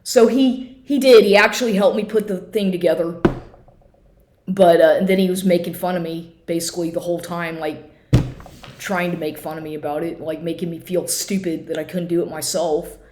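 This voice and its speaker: A woman's voice: on the low side, fairly even intonation, normal speed, a little mellow, roomy sound, slight background noise. A woman telling a personal story in a casual rant, swearing often and restarting her sentences, recorded at home at her computer. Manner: profane, agitated, restarts often. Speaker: vlogger.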